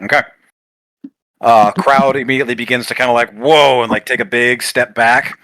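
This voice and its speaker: A man's voice: mid-range voice, fairly even intonation, fairly quick, bright, forceful tone, no echo. A man narrating as game master of a tabletop game, describing scenes in a loose way full of fillers.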